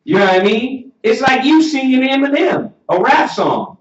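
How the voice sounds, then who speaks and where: With an extremely high, sing-song voice and a Southern US accent, a male teacher preaches his class lesson sermon-style in an echoey room. He turns emphatic, rising almost to shouting and repeating drawn-out questions, in a muffled, roomy recording made far from the mic.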